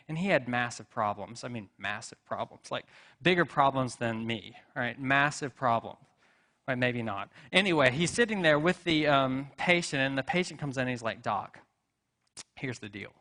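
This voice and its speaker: A man's voice: fairly high pitch, pushed and bright. A man preaching a sermon in a church, telling stories in a conversational way with asides and rhetorical questions. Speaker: pastor. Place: church sanctuary.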